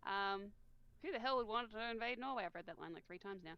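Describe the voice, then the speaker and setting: A woman's voice: mid-range voice, fast, creaky, smooth, muffled recording. A woman reading a novel aloud with sarcastic commentary, putting on mock accents for the dialogue and laughing often. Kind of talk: casual reading with comic commentary.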